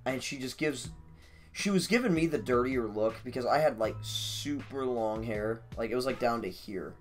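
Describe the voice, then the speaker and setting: A man streaming, telling a story casually in a profane, animated, rambling way. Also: medium pitch, moderate pace, soft background music.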